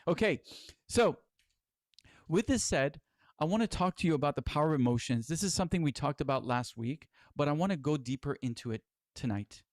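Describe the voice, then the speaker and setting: A man's voice: on the high side, brisk, no echo, clean studio sound. A middle-aged man giving a spiritual lecture as its teacher, earnest and exhorting, with casual swearing.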